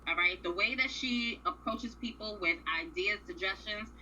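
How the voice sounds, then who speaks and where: A woman's voice: medium pitch, normal speed, sharp tone, highs cut off, a little hiss or hum. A woman co-hosting a radio show, casually recapping a reality series in a blunt, profane, opinionated way.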